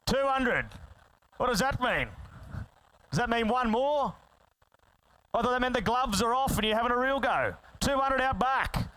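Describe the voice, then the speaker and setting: A man working as an auctioneer, rattling off bids in a fast chant with quick asides to the bidders in a sale ring. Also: extremely high pitch, animated, bright, forceful tone, dry recording, poor audio.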